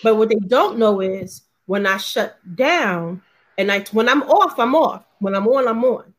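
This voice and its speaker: A woman's voice: fairly high pitch, expressive, measured pace. Blunt, emphatic woman in candid talk. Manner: blunt, emphatic, profane, mimics others mid-story. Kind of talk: candid casual discussion.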